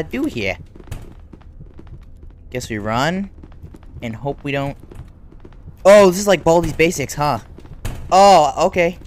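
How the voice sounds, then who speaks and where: Excitable gamer with a lively voice. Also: medium pitch, clear, resonant tone. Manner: excitable, reacts loudly to game events; casual slang-filled chatter. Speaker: gaming YouTuber. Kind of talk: unedited live gameplay commentary.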